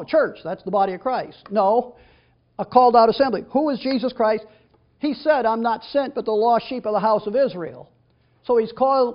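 A man's voice: sits high, lo-fi sound. A man preaching a sermon and teaching from the Bible, reading scripture aloud with emphatic stress.

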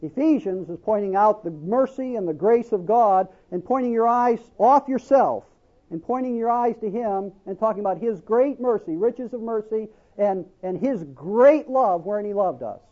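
High-voiced preacher man, dull recording. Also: mellow. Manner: preaching with rhetorical questions to the congregation, drawn-out emphasis on scripture. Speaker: pastor. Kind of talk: sermon.

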